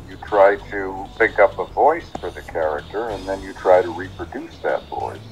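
Deep-voiced man telling voice-acting stories. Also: a little mellow, poor audio. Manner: reflective anecdotal storytelling. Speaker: voice actor. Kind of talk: interview. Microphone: phone or video call.

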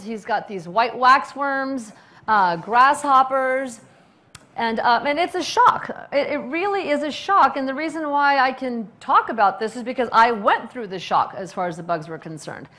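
A middle-aged woman who runs a restaurant, giving an animated public talk full of stories, fillers and restarts. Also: high voice, moderate pace. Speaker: restaurant owner and speaker.

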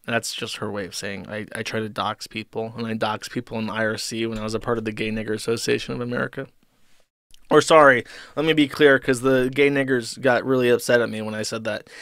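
A man's voice: mid-range voice, fairly even intonation, quick pace, a bit bright, no room sound, studio quality. A man hosting a stream, reading posts aloud and mocking them with sarcastic, profane commentary. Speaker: streamer host.

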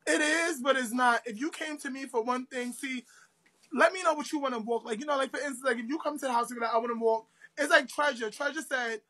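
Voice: high voice, fast talker, bright, forceful tone. An interview host asking direct questions in casual chat, often repeating words when starting.

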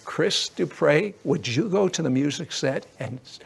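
A man's voice: fairly high pitch, animated, unhurried, creaky, a little hiss or hum. A man hosting a Christian TV interview, prompting his guest and speaking to viewers. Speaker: TV host.

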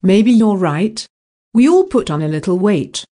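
A woman reading simple scripted practice dialogues in a slow, even textbook delivery. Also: medium pitch. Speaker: dialogue reader for English practice.

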